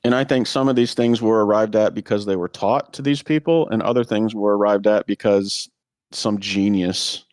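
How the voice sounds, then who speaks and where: Low-voiced man musing in casual chat. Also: a little fast, hardly any pauses, a little mellow, smooth, dry recording, clean studio sound. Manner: thoughtful, musing, with many fillers. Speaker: podcast co-host. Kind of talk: casual discussion.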